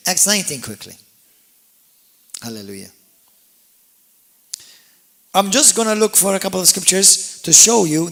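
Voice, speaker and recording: Man preaching with bright emphasis. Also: a little high. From Malta. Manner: emphatic preaching, swings from quiet to loud, frequent hallelujahs and amens. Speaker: pastor. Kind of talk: sermon.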